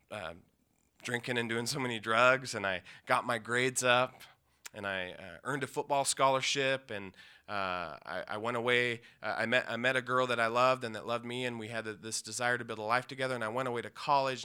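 A man from the Pacific Northwest telling an emotional personal story, intense, with pauses and restarts. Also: medium pitch, sharp tone, clean tone. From Yakima, Washington, USA.

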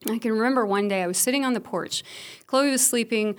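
A woman's voice: fairly high pitch, fast talker, smooth. Frank, funny woman telling her story. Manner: frank, humorous, self-deprecating. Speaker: speaker sharing a personal story. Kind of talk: candid personal storytelling talk.

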